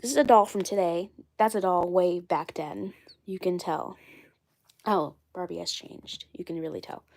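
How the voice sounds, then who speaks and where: A woman's voice: lowish voice, normal speed, gravelly, darkish tone, no room sound. A woman with a cold, sounding congested, chatting casually on a live stream and rambling with lots of fillers and repeats. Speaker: doll collector vlogger.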